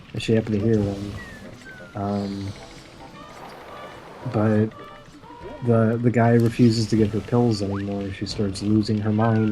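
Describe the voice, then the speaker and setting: A man co-hosting a casual podcast, recapping cartoon plots in a sarcastic, deadpan way. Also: fairly low pitch, rough recording. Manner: sarcastic, deadpan recounting of plot. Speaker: podcast co-host.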